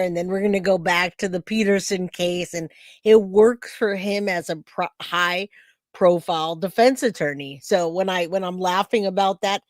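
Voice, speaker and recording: A woman's voice: medium pitch, dry recording. A woman from California hosting a casual live stream, chatting to her viewers by name and commenting on a case. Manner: chatty, talks to chat by name. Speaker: true crime streamer host.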